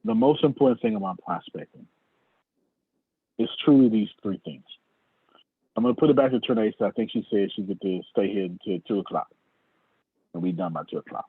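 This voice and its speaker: A sales trainer with a lowish, breathy-edged voice speaks briskly but pauses often. His fiery, preacher-style sales lecture over video calls on listeners by name. There's no room sound, just a tinny, dry, phone-like line.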